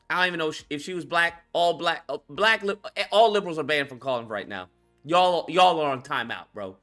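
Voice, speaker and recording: Profane, animated man ranting on stream. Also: high voice, normal speed, soft background music. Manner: profane, blunt, exasperated ranting. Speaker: host of a call-in commentary stream. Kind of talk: casual political commentary.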